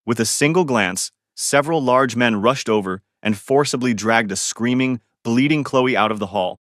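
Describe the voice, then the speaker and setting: A man narrating a first-person drama story in a calm, even scripted reading. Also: mid-range voice, moderate pace, no echo, studio quality.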